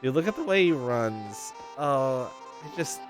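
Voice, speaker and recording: Male streamer, animated swearing commentary, game music under. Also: mid-range voice, measured pace. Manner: profane, exasperated, wry.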